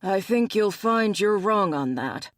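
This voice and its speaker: A man's voice: high voice, expressive, unhurried, no echo. An audiobook narrator voicing a wry, teasing male bear-shifter hunter with a dry, needling manner, in a dry recording.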